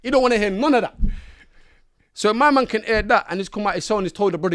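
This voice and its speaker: A man from Nottingham, a podcast guest telling animated stories in heavy street slang and acting out what others said. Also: sits high, fast. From Nottingham, England. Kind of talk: casual storytelling in an interview.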